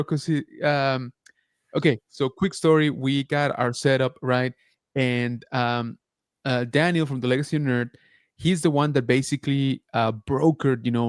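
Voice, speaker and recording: A man's voice: medium pitch, no room sound, clean studio sound. Chatty man hosting a livestream. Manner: chatty, many fillers, reads chat aloud. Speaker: podcast host. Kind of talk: casual livestream chat.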